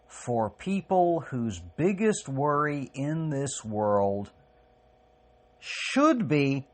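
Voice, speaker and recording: A man delivering a personal spoken essay as a podcast host, halting and raw, with long pauses and swearing. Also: on the high side, sing-song. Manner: raw and profane.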